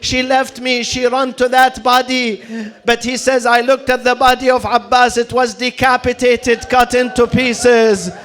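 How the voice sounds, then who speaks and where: A male preacher telling a story in a mourning sermon, dramatic and building to loud lamenting cries, with recited Arabic mixed into his English. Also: very high-pitched, little pitch movement, a little slow.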